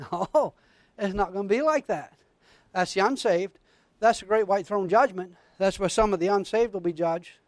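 A man serving as pastor preaches a fervent sermon, calling out to his congregation and reading scripture with growing excitement. His voice sits high, and there's no echo.

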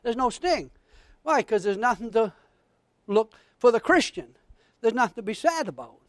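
A man preaching a fervent sermon in a strikingly high voice. He reads scripture with rising excitement and keeps calling out to his congregation for a response. The sound is dry and close, with no room echo. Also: moderate pace. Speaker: pastor.

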